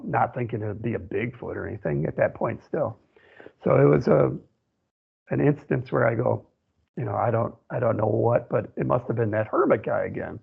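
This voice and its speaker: A man's voice: medium pitch, gravelly, breathy edge. A man from central Wisconsin, a guest on a radio show, telling a long personal story in a rambling way, often saying "you know". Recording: tinny phone line.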